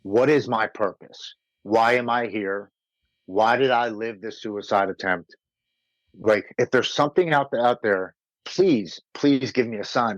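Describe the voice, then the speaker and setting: A low-pitched American man tells his recovery story on a podcast, earnest and emotional, sometimes stumbling over repeated words. The sound is close and dry, with no room echo. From United States. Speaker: podcast guest. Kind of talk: personal recovery story told in conversation.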